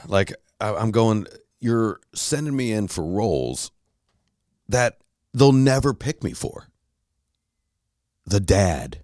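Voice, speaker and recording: A man's voice: low-pitched, a little mellow, dry recording, clean studio sound. A man hosting a podcast, telling a heated story in a blunt, profane casual rant. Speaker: podcast host.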